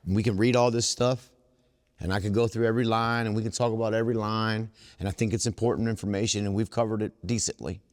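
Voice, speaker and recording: A man addresses a twelve step workshop in a low, earnest voice, slowing down to dwell on key lines the way a preacher does. The sound carries a long reverb from the meeting hall around him. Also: fairly even intonation. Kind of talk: recovery workshop talk.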